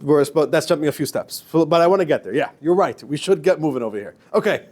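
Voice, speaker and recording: Chatty rabbi lecturing a class. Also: male voice, fairly high pitch, fast talker. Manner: lively, chatty, repeats words, laughs at own stories. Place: classroom with students.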